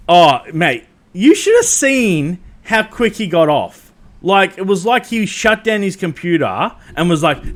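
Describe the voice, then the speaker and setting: A man's voice: sits high, sing-song, unhurried. Rambling man hosting a stream. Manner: rambling, lots of ums and restarts, swears freely. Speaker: host. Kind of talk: casual livestream chat.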